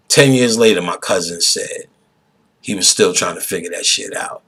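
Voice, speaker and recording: A man holds forth in a casual, profane monologue. His voice is husky and lowish, and he is emphatic and preachy, breaking into loud outbursts. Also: steady tone, normal speed, rough recording. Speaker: podcast host.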